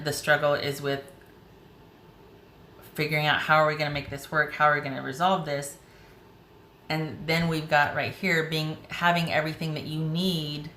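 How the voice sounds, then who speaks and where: A woman's voice: low voice, pushed and bright. A woman doing a casual tarot reading, chatty and emotional, thinking aloud as she turns the cards. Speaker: tarot reader. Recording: roomy with faint hiss.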